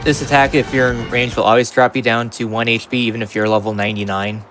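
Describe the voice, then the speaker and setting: Man, mid-pitched voice, matter-of-fact co-commentator, clear music behind. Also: little pitch movement, fast talker. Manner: matter-of-fact, adds details. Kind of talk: casual gameplay commentary.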